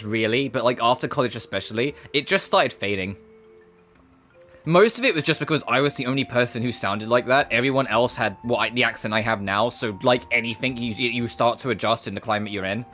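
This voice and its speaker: A man's voice: mid-range voice, fairly bright tone. Rambling, swearing young man with a faint British accent. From Britain. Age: 20s. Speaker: streamer. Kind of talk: casual chat.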